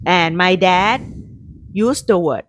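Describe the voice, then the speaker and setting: A native Thai speaker with a Thai accent co-hosts a casual podcast chat. Her voice is on the low side and soft, and she speaks haltingly as she searches for words, with no echo on the recording.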